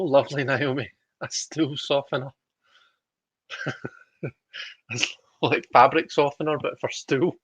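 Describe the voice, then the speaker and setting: A man's voice: mid-range voice, vocal fry, a bit bright, husky, no echo. A man hosting a livestream, chatting casually, reading out viewer comments with giggly, self-deprecating asides. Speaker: livestream host reading tarot.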